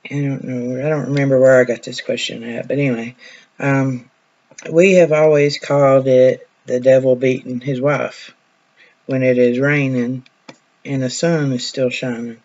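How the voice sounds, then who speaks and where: A woman's voice: rumbling low, steady tone, normal speed, a little mellow, lo-fi sound. A woman, a nurse chatting casually in a vlog, telling stories in a folksy way that trails off now and then.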